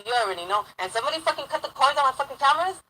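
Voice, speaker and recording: A woman's voice: high voice, lively intonation, racing, bright, forceful tone, low-quality recording. A young woman telling a rambling personal story in casual talk, swearing heavily and getting heated.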